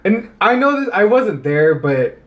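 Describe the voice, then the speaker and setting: A man with a somewhat high voice tells a story in casual podcast chat. He swears freely and slips into the voices of the people he describes. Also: sing-song, unhurried, dull audio, a little hiss or hum. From United States. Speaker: podcast co-host.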